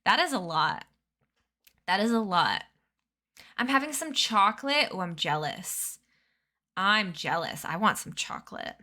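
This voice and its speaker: A woman's voice: medium pitch, sing-song, unhurried, long pauses, pushed and bright. A young woman in her twenties chatting casually with her stream chat, bubbly and giggly, sleepy. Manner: bubbly, giggly, reads chat names aloud. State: sleepy, yawning. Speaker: streamer reading a book aloud.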